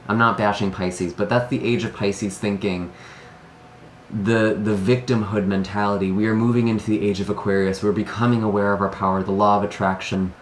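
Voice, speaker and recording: A man with a fairly low voice gives a heartfelt tarot reading and sighs between his thoughts. The room is echoey, and a faint noise sits under his voice. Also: flat delivery, fairly quick. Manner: earnest and emotional, sighs often between thoughts. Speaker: tarot reader. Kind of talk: solo tarot reading to camera.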